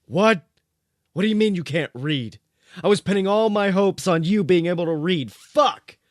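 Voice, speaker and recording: A man's voice: mid-range voice, animated, moderate pace, no echo, studio quality, close to an everyday voice. A man voicing a small, hotheaded, foul-mouthed male corgi who barks between words. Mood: indignant.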